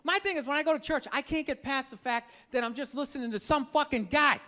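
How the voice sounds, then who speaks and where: A man's voice: extremely high pitch, fast talker, bright, forceful tone. A man doing a stand-up comedy routine on stage, ranting in an exasperated, profane way. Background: audience laughter.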